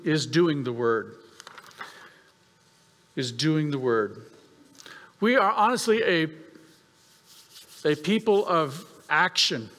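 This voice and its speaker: A man preaching a sermon as pastor, earnest and emphatic, with pauses and repeated phrases. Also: high-pitched, a bit bright. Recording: long reverb of a hall.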